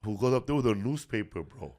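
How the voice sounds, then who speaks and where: A middle-aged man with a fairly low voice, telling road stories at an easy pace. He keeps it loose and profane and drops "bro" all through. It sounds like two friends chatting on a podcast. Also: lively intonation, quick pace, darkish tone. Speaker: podcast host, comedian. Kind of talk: casual storytelling chat.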